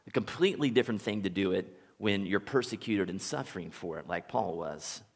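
Low-voiced preacher in a reverberant sanctuary. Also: male voice, lively intonation, a little fast, vocal fry, breathy edge. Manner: conversational storytelling preacher, chuckles as he speaks. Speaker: pastor. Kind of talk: sermon. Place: church sanctuary.

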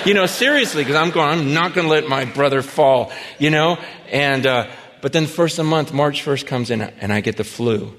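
A man preaching a sermon, telling stories with animation, swinging from hushed asides to near shouts. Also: mid-range voice, a little fast, a little hiss or hum. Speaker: pastor. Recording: long hall reverb.

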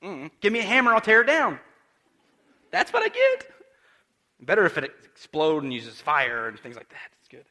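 A male pastor delivers a conversational sermon in a high, bright voice. His pitch swings widely as he tells the story in an animated way and turns to ask his listeners questions. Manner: animated storytelling with acted quotes and direct questions to the audience.

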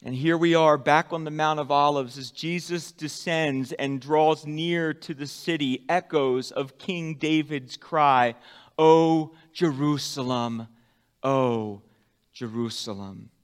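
A pastor preaching a sermon, with dramatic swings from loud emphatic peaks to hushed, soft endings. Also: male voice, a little high, steady tone, measured pace, hardly any pauses, clear, resonant tone, in a large hall.

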